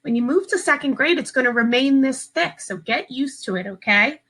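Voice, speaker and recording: A woman teacher giving a slow, patient, step-by-step phonics lesson to young children from home. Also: high-pitched, lively intonation, a bit bright, rough recording.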